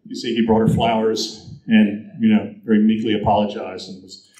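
A male guest speaker giving a storytelling presentation at a convention, lively and anecdotal, acting out the quotes he tells. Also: lowish voice, moderate pace, dull audio. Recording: roomy echo, captured from the audience.

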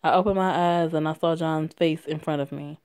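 A woman's voice: low-pitched, fairly even intonation, normal speed, darkish tone, clear, resonant tone. A young woman casually reading a written story aloud, stumbling and correcting herself, swearing and laughing as she goes. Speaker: story reader.

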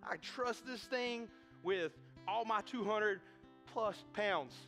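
High-voiced, lively preacher man. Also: slow, soft background music. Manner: animated, repetitive restarts, acts out quoted voices. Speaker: pastor. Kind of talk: sermon with storytelling. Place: church sanctuary.

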